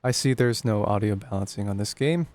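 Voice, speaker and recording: A man's voice: fairly low pitch, a little fast, darkish tone, no echo. A young man casually commenting on a horror game as he streams it live, joking and thinking aloud. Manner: chatty, jokey, thinking aloud.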